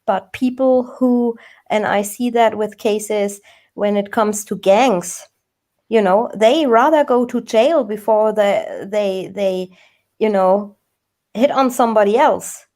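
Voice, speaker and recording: A middle-aged woman with a dark, mellow voice, talking through a true crime case. She speaks haltingly, stumbling over and repeating words. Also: medium pitch. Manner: halting, repeats words, many "you know"s. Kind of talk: casual chat.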